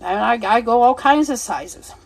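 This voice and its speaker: Blunt high-voiced woman chatting on a livestream. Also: normal speed, vocal fry, background noise. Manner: blunt, animated, swears freely, laughs often. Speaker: livestream seller and host. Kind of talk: casual livestream chat.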